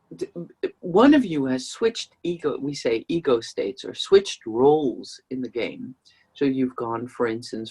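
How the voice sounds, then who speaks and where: Lively, husky-voiced communication trainer. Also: medium pitch. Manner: conversational, acts out short example quotes in changing tones. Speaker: trainer teaching transactional analysis. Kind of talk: explanatory video lesson.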